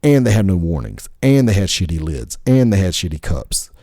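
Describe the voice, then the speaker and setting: Low-voiced man ranting crudely. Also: very animated, moderate pace, mellow, no echo, clean studio sound. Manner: rambling, crude, swears constantly. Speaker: podcast host. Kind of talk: casual profane rant.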